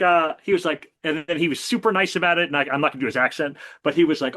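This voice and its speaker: A man co-hosting a music podcast, telling animated stories in a casual, enthusiastic way. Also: a little high, quick pace. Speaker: podcast co-host. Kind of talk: casual music chat and storytelling.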